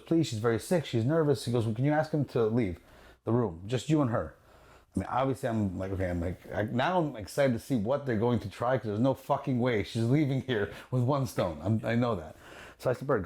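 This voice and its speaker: A man, a luxury jewelry dealer, telling a story in a casual podcast chat, animated and profane, acting out the quotes and laughing as he goes. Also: medium pitch. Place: his jewelry store.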